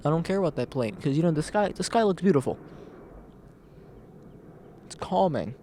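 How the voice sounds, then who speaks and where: A man's voice: fairly high pitch, very animated, normal speed, dark tone, slight background noise. A man talking casually and earnestly straight into a camera for a vlog, rambling and repeating his points. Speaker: vlogger. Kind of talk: casual motivational vlog talk. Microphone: camera mic.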